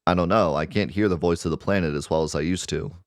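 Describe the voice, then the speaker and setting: A man voicing a gentle, devoted young mother, speaking softly and earnestly while reading game dialogue aloud. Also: sits low, fast, no room sound, clean studio sound.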